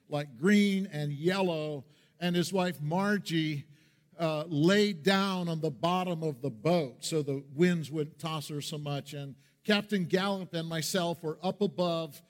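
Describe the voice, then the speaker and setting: Earnest pastor telling a story. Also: male voice, a little high. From Pennsylvania. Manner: earnest storyteller, slows down for dramatic moments. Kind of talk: sermon with personal storytelling. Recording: long reverb of a large hall.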